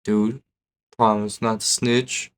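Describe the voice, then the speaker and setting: A man's voice: on the low side, little pitch movement, takes it slowly, clean tone. Man playing a reckless teenage boy, cocky, slangy.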